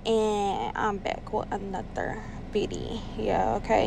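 A woman's voice: medium pitch, takes it slowly, gravelly, slight background noise. Chatty young woman hairstylist vlogging. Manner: chatty, animated, frequently addresses viewers. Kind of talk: casual tutorial chat.

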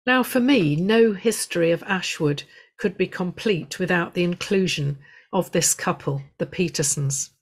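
A woman giving a prepared illustrated talk to a local history society, telling stories in a measured way with gentle humour. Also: lowish voice.

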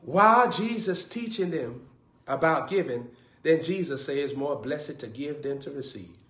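High-voiced preacher in an echoey room. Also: male voice, unhurried. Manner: animated, shouts and acts out scenes. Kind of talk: comedic sermon with acted bits.

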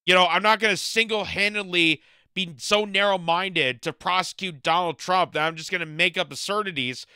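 A man's voice: high-pitched, normal speed, sharp tone, clear, resonant tone, no echo. A man from Canada hosting a political commentary video, mocking and exasperated, laughing at his own jokes.

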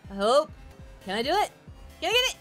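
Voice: high voice, wildly swooping pitch, quick pace, fairly bright tone, soft background music, heavily acted. A performer voicing Goku, a cheerful, dim-witted adult martial-arts hero, giving childlike, whooping commentary on a game and referring to himself in the third person. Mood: excitable. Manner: giddy, childlike, shrieks and whoops. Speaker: let's play commentator in character. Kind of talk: comedic parody game commentary.

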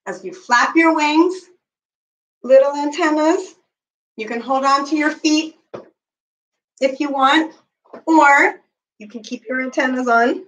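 A woman's voice: high-pitched, slow pace, pauses often, a bit bright, reverberant, recorded from a distance, dull audio. A woman teaching a children's bedtime yoga class, patient and encouraging, counting out the poses.

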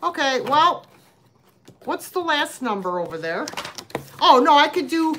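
A woman runs a live sale, chatting through each item at an unhurried pace. Her pitch moves a lot, and she rambles with fillers. Faint noise sits under the recording. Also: big pitch swings. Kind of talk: live-stream sales chat.

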